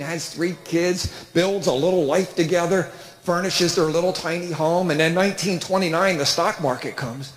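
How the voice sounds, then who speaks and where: Middle-aged male comic, high voice, spinning animated stories, roomy hall sound. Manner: storytelling with big animated voices. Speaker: comedian. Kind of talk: stand-up comedy talk. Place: church hall with live audience.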